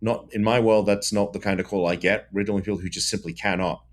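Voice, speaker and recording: A man's voice: lowish voice, steady tone, fast. A man hosting a podcast interview, a lawyer by trade, who talks conversationally and asks probing questions.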